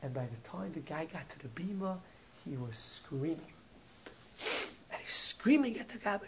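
A man, a rabbi, telling a story in a Torah talk, sprinkling in Yiddish and Hebrew words and swinging from soft to loud. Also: on the high side, very animated, moderate pace, pauses often. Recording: dull lo-fi recording with faint noise.

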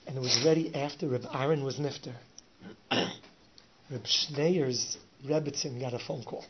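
A man telling a story with lively energy, often laughing and slipping in Yiddish words. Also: medium pitch, measured pace. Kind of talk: animated oral storytelling. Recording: dull lo-fi recording with faint hiss.

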